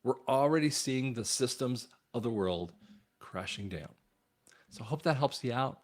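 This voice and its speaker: A man's voice: mid-range voice, lively intonation, moderate pace. Emphatic man preaching straight to camera. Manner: addresses viewers directly as guys. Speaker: channel host and commentator. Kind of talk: religious and political commentary monologue.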